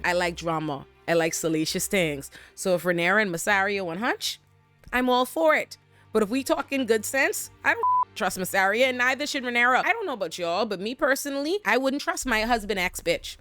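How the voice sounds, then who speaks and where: A woman's voice: medium pitch, expressive, fairly quick, a bit bright, no room sound, faint music behind. A woman casually recapping a TV episode, retelling scenes and acting out characters' lines with big jumps in her voice. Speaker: TV recap host.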